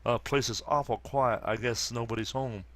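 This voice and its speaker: A man reading aloud the lines of a weary young superheroine in a flat, plain delivery, with few pauses. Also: mid-range voice, close to an everyday voice.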